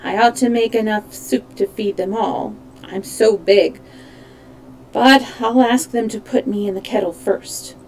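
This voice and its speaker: A kindly, brave man from a storybook, polite and consoling, as a woman reads him. His voice stays close to the reader's own, mellow and gentle. Nothing about it is harsh or strained. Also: on the high side, steady tone, measured pace, slight background noise, low-quality recording. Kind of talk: storybook read-aloud.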